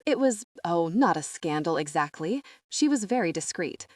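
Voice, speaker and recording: A woman's voice: fairly low pitch, lively intonation, moderate pace, dry recording, studio quality, close to an everyday voice. Woman reading as a tearful old fairy godmother. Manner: soft, apologetic, with a shaky voice. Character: tearful elderly fairy godmother, gentle and humble.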